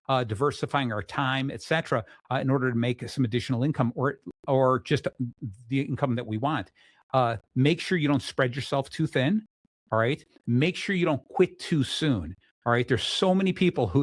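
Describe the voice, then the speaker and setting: A middle-aged man hosting a casual interview show, energetic and full of restarts, acting out the people he quotes. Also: mid-range voice, no echo, studio quality. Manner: restarts often. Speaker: podcast host.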